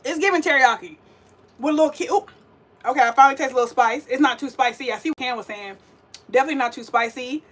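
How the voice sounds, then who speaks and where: A young woman, chatting sassily and directly to her viewers while cooking on a livestream. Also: high-pitched. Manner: chatty, sassy, talks straight to viewers. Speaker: vegan cooking livestream host. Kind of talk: casual livestream cooking chat.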